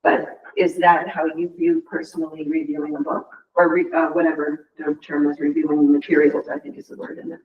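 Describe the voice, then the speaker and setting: A man's voice: fairly high pitch, very animated, fairly quick, gravelly, few pauses, phone-quality sound. A man on a school committee asking probing questions in a hesitant, casual way. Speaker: committee member. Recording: echoey room, distant mic, faint background noise.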